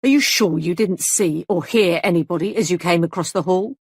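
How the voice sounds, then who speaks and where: A woman's voice: on the low side, a little fast, a little mellow, slightly rough, dry recording. A woman voicing a grave male police sergeant who questions people in a clipped, insistent way. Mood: stern.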